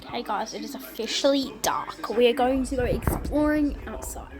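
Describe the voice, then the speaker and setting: A woman's voice: fairly high pitch, normal speed, very noisy. A young woman casually telling a ghost-hunt vlog, chatty and full of fillers. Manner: chatty, many fillers, shrieks when scared. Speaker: vlogger.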